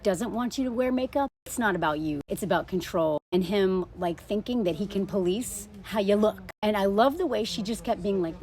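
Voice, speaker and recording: A woman's voice: medium pitch, moderate pace, few pauses, a little mellow. A woman in her thirties giving casual, blunt and sarcastic commentary on a dating show. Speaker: social media commentator.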